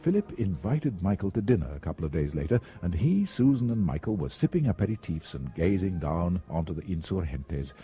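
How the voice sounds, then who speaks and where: Low-voiced man reading a wry tale. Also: big pitch swings, a little fast, hardly any pauses, mellow, husky, faint music behind. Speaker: storyteller. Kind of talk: reading a travel memoir aloud.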